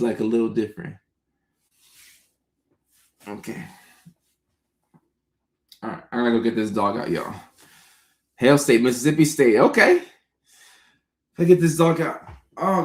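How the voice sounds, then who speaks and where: On a casual live stream, a man with a creaky, gravelly voice of middling pitch chats loosely while answering viewer comments. He keeps things relaxed and laughs easily, and a noticeable room echo colors the sound.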